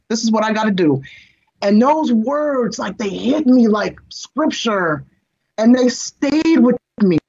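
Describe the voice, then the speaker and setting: A woman in her forties, an interview guest, telling a personal story in an expressive, animated way and speaking straight to the host. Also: on the high side, slightly rough. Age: 40s. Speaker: guest, entertainment reporter and screenwriter. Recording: slightly dull lo-fi sound.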